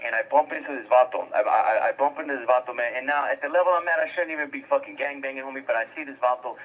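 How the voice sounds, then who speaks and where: A man's voice: mid-range voice, highs cut off. A man hosting a livestream, telling his own story in casual, profane street slang, stammering and repeating words.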